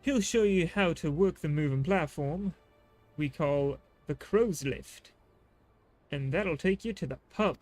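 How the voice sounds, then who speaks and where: A man's voice: a little high, expressive, unhurried, a little mellow, faint music behind. A man voicing a blunt, worldly male guide in a game, tripping over his read lines. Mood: instructive.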